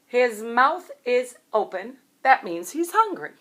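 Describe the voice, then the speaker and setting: A woman's voice: on the high side, very animated, takes it slowly, a bit bright, pitched above the performer's own voice, heavily acted. A woman voicing a cheerful, proud father bird while reading a picture book aloud. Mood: assured.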